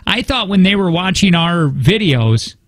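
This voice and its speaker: A man's voice: high-pitched, big pitch swings, a little slow, a bit bright. A man co-hosting a radio show in the studio, telling stories in a chatty, rambling way with many restarts. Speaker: radio co-host. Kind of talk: casual morning-show banter.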